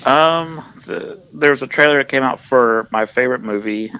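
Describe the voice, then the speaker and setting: A man with a Kentucky accent co-hosting a podcast, making deadpan jokes and restarting his sentences. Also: medium pitch, normal speed, slight background noise, low-quality recording. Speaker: podcast co-host. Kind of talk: casual podcast banter.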